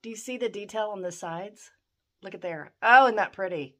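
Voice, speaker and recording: A woman's voice: mid-range voice, normal speed. A middle-aged woman opening fan mail, gushing and exclaiming over each gift. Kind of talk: excited unboxing chat.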